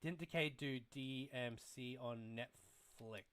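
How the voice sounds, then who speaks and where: Smooth-voiced man, casual stream host. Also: mid-range voice, slow pace, a bit bright. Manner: rambling, swears freely, reads chat aloud. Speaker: livestream host. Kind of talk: casual livestream chat.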